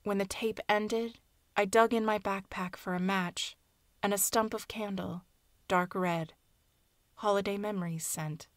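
A woman narrating a short story aloud in a soft, hushed, measured reading. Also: medium pitch, steady tone, no echo, studio quality. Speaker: audiobook narrator. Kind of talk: scripted fiction narration.

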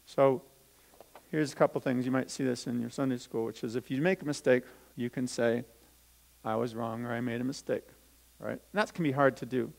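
A man with a gravelly voice pitched in the middle range leads a children's talk in a church. He reads a scripture passage aloud and stops to explain hard words simply for the kids. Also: steady tone, brisk, poor audio. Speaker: pastor. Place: church sanctuary.

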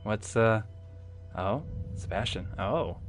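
A young man commentating his gameplay, reacting with excited, profane yelps and jokes. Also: lowish voice, slow pace, soft background music. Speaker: gameplay streamer.

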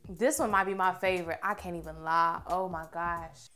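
A young woman reviewing makeup on camera in a chatty, expressive way, gushing over what she tries. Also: lowish voice, moderate pace, crowd noise. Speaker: beauty vlogger.

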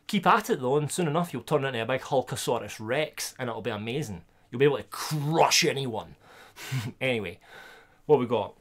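Speaking at normal speed in a mid-range voice, a Scottish man opens trading card packs live for his viewers. He chats casually and erupts into loud excitement when a good card turns up.

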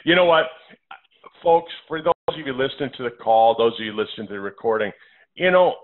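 A man hosting a health call as the doctor, lecturing in a forceful way, repeating his phrases and running through a numbered list. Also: mid-range voice, animated, brisk. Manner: emphatic, repeats phrases, lists numbered points. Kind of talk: health talk on a conference call. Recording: phone-line audio.

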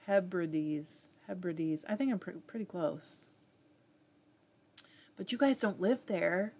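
A woman's voice: medium pitch, lively intonation, unhurried, a little mellow, husky. A woman with a Southern US accent hosting a live fiber arts stream, chatting casually and reading viewer comments aloud with frequent laughs.

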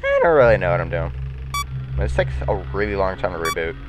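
A man's voice: deep voice, sing-song, brisk, muffled recording, over loud music. A man hosting a gaming video, rambling and joking to himself through let's-play commentary. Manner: rambling, jokey self-talk.

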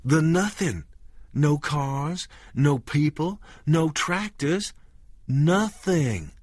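A man voicing a shrill, frightened young wife. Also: big pitch swings, slow, no echo, clean studio sound. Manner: shrill, pleading, tearful.

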